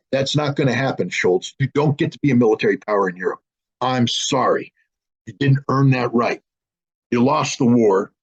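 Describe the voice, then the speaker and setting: A man's voice: mid-range voice, a little mellow, breathy edge. A man speaking as an interview guest, blunt and emphatic, often restarting his sentences. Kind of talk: political interview talk. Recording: dull lo-fi audio.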